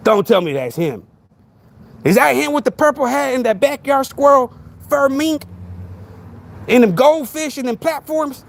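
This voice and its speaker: Podcast host guy, high voice that jumps around a lot, sarcastic fake-scared rant with slang. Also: gravelly. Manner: sarcastic, mock-frightened, repetitive rhetorical questions; street slang. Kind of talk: casual monologue rant.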